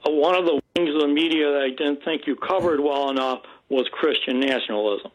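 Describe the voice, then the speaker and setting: A man calling in to a radio show, speaking haltingly with frequent restarts. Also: on the high side, rough recording. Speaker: caller. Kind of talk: radio call-in talk.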